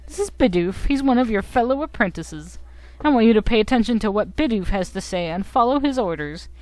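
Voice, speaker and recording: A woman's voice: a little high, lively intonation, a little fast, darkish tone, no echo, natural voice, low-quality recording. A woman doing a bossy bird guild officer. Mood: officious. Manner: officious, lecturing.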